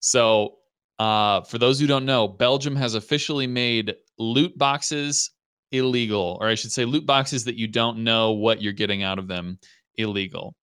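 A young man co-hosting a casual podcast, chatting and reading news articles aloud in a relaxed way. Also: medium pitch, measured pace, clean tone, dry recording, clean studio sound. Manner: relaxed, laid-back, reads articles aloud. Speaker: podcast co-host.

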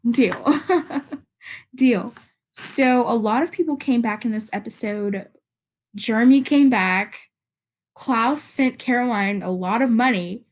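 A woman hosting a casual solo podcast, rambling, giggling often and searching for words. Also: fairly high pitch. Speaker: podcast host.

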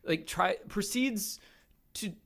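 Podcast co-host, casual chat, sarcastic, profane, mid pitch. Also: slow, vocal fry, fairly bright tone. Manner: sarcastic, profane, recaps scenes.

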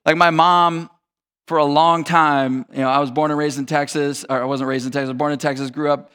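Pastor, male, high voice, relaxed slangy sermon delivery. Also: a little fast, clean tone, big-room sound. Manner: casual, conversational, slangy preaching.

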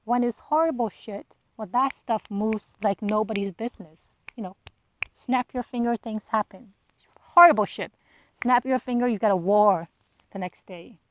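A woman's voice: medium pitch, no echo, rough recording. A woman hosting a solo podcast, talking bluntly and with exasperation, swearing freely and firing off rhetorical questions. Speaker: podcast host. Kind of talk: casual solo monologue.

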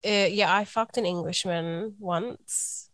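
A young woman co-hosting a podcast, giggly and quick with short reactive quips. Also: mid-range voice, steady tone, fairly bright tone, no room sound. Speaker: podcast co-host. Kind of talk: casual chat.

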